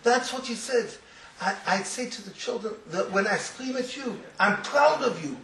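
A man who teaches religious students, giving an informal Torah talk as an animated storyteller who laughs through his words and drops in Yiddish phrases. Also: high voice, moderate pace, slight background noise. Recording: roomy echo, faint ambience.

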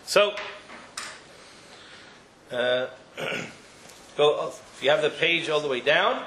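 High bright-voiced man teaching a class. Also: slow pace, reverberant, poor audio. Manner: animated storytelling with frequent restarts. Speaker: religious teacher. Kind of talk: religious study class.

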